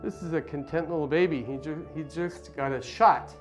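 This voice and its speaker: Gentle, reassuring man, somewhat high-pitched. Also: normal speed. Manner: gentle, reassuring, plain explaining. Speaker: pediatrician. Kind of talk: demonstration with instructions to parents. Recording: faint music behind.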